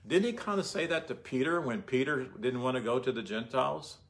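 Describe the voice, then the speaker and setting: Speaking briskly at a medium pitch, a man offers casual Bible teaching. He talks conversationally and often asks his listeners rhetorical questions.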